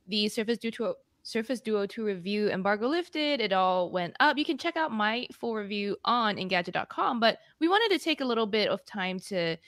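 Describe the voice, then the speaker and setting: A woman's voice: mid-range voice, fairly bright tone, dry recording, studio quality. Chatty woman co-hosting a podcast. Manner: chatty, reads viewer greetings with small laughs. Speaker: podcast co-host. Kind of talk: casual live podcast chat.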